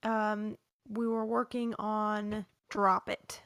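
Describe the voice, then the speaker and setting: A woman plays a tabletop game, speaking in a casual, matter-of-fact way. Her voice is at a middle pitch and the sound is dry and close. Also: little pitch movement, takes it slowly, fairly bright tone, no room sound.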